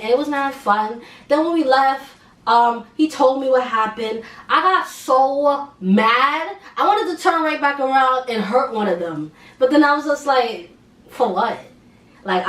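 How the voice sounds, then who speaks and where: A young woman vlogger telling a casual storytime, slangy and animated, laughing as she goes. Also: high voice, moderate pace, reverberant, recorded from a distance. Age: young adult.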